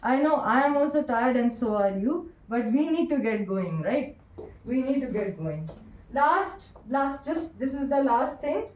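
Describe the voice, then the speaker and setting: A woman with an Indian English accent teaching English grammar in a recorded lecture, encouraging her students and dictating answers slowly with repeats. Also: sits high, lively intonation, darkish tone, distant mic, a little hiss or hum. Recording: roomy echo, voice from away from the mic.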